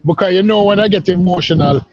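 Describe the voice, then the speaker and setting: A man's voice: sits high, quick pace, darkish tone. A man from the Caribbean calling into a live stream, speaking earnestly and in a lecturing way, often repeating himself. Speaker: caller on a live stream panel. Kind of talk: casual political discussion. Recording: dull lo-fi call audio.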